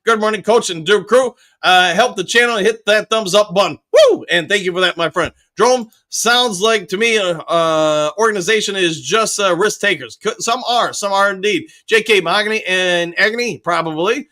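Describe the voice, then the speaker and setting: A man's voice: sits high, moderate pace, hardly any pauses, bright, forceful tone. A man hosting a live fan stream, reading viewer comments aloud and answering them in an upbeat, casual way with frequent fillers. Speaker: host of a live fan show reading chat.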